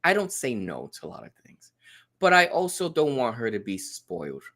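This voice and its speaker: A man's voice: medium pitch, normal speed, vocal fry. Guy in his 30s on a podcast, voice jumps all over the place, acts out everybody's lines. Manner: animated storyteller, acts out quotes. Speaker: podcast guest. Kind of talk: casual chat.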